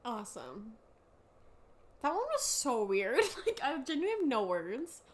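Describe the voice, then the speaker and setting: A young woman co-hosting a casual podcast, reading a story aloud in halting bursts and laughing often. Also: on the high side, very animated. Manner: giggly, reads in halting bursts with frequent laughs. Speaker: podcast co-host.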